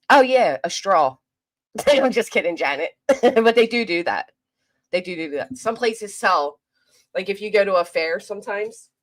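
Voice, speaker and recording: Hosting a laid-back livestream, a South Jersey–accented woman reads comments and talks with viewers in a quick, clipped, teasing style full of profanity. Her pitch is medium.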